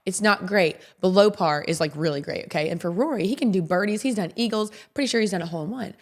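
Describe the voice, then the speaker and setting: A woman's voice: medium pitch, fast. A woman hosting a podcast in a casual, rambling monologue, openly emotional and often repeating herself. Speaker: podcast host.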